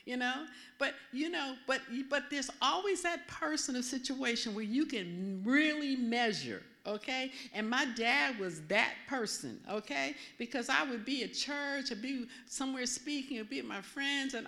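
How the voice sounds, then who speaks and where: High-voiced woman minister preaching conversationally. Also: moderate pace, gravelly. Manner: animated, conversational, often asks the audience questions. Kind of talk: sermon.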